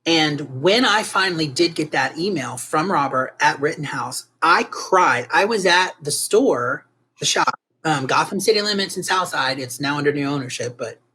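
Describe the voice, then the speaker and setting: A woman guest artist in an interview, telling her story in an animated, emotional way with frequent restarts. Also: deep voice, normal speed, slight background noise.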